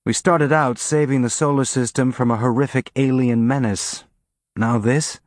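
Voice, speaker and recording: A man's voice: mid-range voice, steady tone, normal speed, no echo, lightly acted. A man voicing a wry spaceship captain who gives orders in a dry, easy tone.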